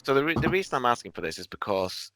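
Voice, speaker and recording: A man's voice: mid-range voice, sing-song, quick pace, fairly bright tone, a little hiss or hum. A man talking through his character ideas as a player, hesitant and full of restarts. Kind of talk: casual tabletop game chat.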